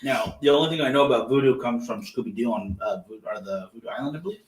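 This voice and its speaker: A woman's voice: a bass voice, fast, crowd noise. A woman co-hosting a casual livestream podcast, reading the chat and making dry, self-mocking jokes. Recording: echoey room, distant mic.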